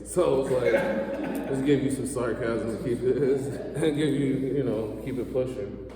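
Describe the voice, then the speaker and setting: A man in his thirties delivers a profane, sarcastic stand-up set with sudden jumps in pitch. His voice sits at an everyday middle pitch. It carries a long hall reverb and sounds distant from the mic. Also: moderate pace, dark tone, a little hiss or hum. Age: 30s. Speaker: stand-up comedian. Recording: echoey hall, mic far off.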